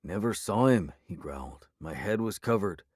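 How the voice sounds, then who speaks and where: A man's voice: fairly low pitch, lively intonation, normal speed, a little mellow, breathy edge, no echo, studio quality. A man voicing a gaunt, furious male werewolf alpha with a growly, snarling delivery in an audiobook. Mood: sullen. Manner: snarling, hostile, defiant. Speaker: character voice in an audiobook.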